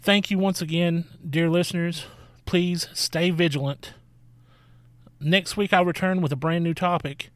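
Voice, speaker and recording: A man presenting a scripted podcast segment, measured and deliberate, spelling out names. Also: a little high, steady tone, no room sound.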